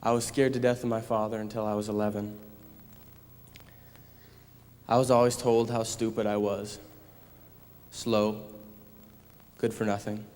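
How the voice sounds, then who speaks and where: A young man in his twenties giving a somber personal testimony at church, measured and steady. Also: fairly low pitch. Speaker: son giving a church talk. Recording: reverberant church hall.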